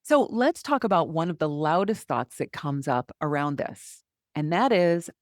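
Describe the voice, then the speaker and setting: A woman's voice: low-pitched, expressive, measured pace, no room sound, studio quality. A middle-aged woman hosting a solo podcast as a health coach, talking candidly and conversationally, often acting out inner thoughts.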